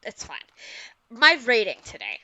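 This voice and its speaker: A woman's voice: on the high side, measured pace, muffled recording. A woman co-hosting a podcast, chatting casually and joking around with plenty of swearing. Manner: animated, joking, swears freely. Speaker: podcast co-host. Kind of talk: casual chat.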